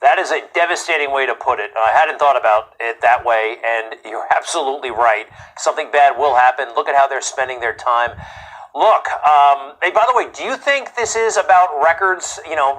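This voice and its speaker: Brisk male news host, higher pitch. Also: a bit bright, low-quality recording. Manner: brisk, friendly questioning. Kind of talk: live TV news interview.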